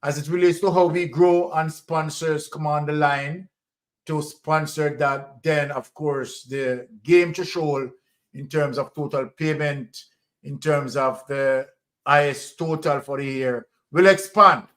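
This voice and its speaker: Jamaican host guy, talks slow and deliberate, slightly high voice. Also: fairly even intonation, a bit bright. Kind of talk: casual chat.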